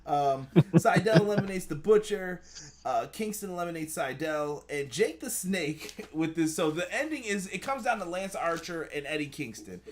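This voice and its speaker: Animated man hosting a wrestling chat. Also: a little high, normal speed. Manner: animated, swears freely, acts out quotes. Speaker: show host reading chat. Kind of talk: casual wrestling review chat.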